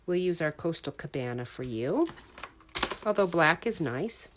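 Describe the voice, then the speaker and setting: Making a greeting card, a middle-aged crafter talks casually, rambling and muttering to herself as she goes. She has a low-pitched voice with lively intonation and a slightly slow pace, over a noisy background of crinkling paper and clicking stamps.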